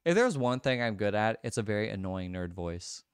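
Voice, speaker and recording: Smooth-voiced young man chatting on stream. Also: fairly low pitch, expressive, a little fast, no room sound, studio quality. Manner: chatty, laughs often, answers chat members by name. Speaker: livestreamer and singer. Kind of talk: casual livestream chat while playing a music quiz.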